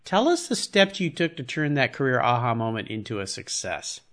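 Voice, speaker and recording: A man's voice: mid-range voice, sing-song, normal speed, fairly bright tone. Guy hosting an interview, easygoing and chatty, keeps the guest talking. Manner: chatty, affirming, laughs along. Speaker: interview host. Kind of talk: casual interview.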